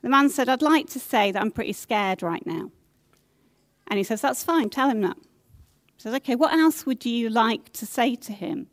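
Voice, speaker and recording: A middle-aged woman preaching in an earnest, gentle way, slowing down to stress her points. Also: a little high, expressive, no echo. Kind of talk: sermon.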